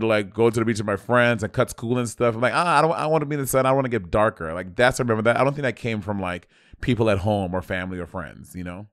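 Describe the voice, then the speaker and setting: A man's voice: medium pitch, no echo, clean studio sound. A man from Saint Lucia co-hosting a podcast, telling stories in casual chat and laughing easily. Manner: laughs easily, relaxed storytelling. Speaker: podcast co-host.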